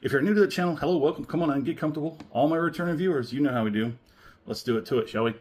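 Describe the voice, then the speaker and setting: A man's voice: a little high, very fast, darkish tone, slightly rough. A man hosting a casual spirits review, talking in a playful, joking and slightly rambling way. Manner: playful, jokey, a little rambling.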